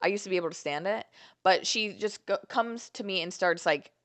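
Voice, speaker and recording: Animated young woman telling a story. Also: medium pitch, a little fast. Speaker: vlogger. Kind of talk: storytime vlog.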